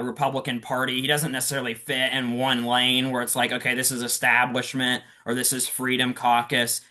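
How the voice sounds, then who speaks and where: Bright-voiced man, wry political commentary. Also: medium pitch. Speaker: podcast co-host. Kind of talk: casual political chat.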